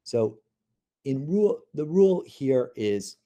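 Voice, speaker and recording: A man giving a podcast lecture on courtroom technique, measured, with frequent fillers and restarts. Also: medium pitch, big pitch swings, dark tone. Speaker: legal instructor.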